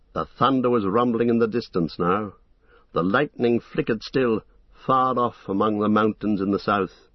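Low, husky male narrator. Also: dry recording, highs cut off. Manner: measured, dramatic storytelling. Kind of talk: audiobook narration.

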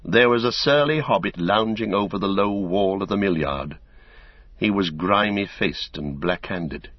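A man narrating an audiobook in a steady, measured reading. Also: deep voice, no echo. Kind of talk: scripted narration. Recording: dull, dry recording.

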